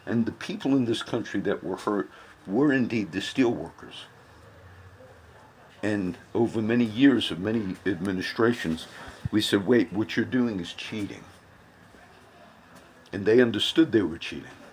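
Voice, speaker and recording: Deep-voiced man rambling on politics. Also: moderate pace, slight background noise. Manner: rambling, repeats phrases for emphasis. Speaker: political commentator. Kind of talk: casual political commentary vlog.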